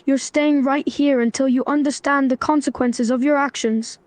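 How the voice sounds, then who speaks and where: A synthetic female voice reading the lines of a stern young man who lectures in an even tone. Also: high voice, moderate pace, no echo, natural voice.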